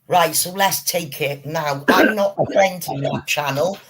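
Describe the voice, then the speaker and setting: A man hosting a livestream, telling stories in a casual, animated way with plenty of swearing. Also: a little high, unhurried, over a noisy crowd. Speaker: streamer host.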